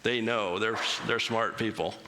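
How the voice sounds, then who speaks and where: A man's voice: fairly low pitch, steady tone, measured pace, sharp tone, a little hiss or hum. A man giving an interactive church talk, casual and joking, asking the congregation to raise hands. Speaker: church speaker. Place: chapel. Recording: long chapel reverb.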